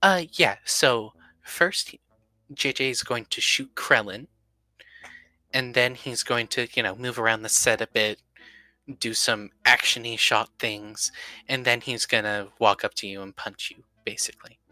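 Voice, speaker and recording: A man's voice: medium pitch, unhurried, sharp tone, no room sound. A man voicing an eager young assistant who explains things in a chirpy, hesitant way.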